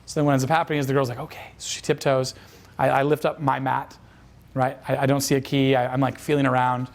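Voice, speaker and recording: A man's voice: medium pitch, level tone, fast, creaky. A man telling a dating coach's story as a lesson, casual and profane, with lots of fillers. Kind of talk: instructional storytelling.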